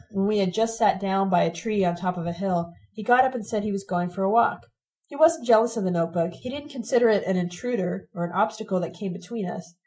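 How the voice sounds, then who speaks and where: Mellow woman reading a novel aloud. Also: mid-range voice, rough recording. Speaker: audiobook narrator.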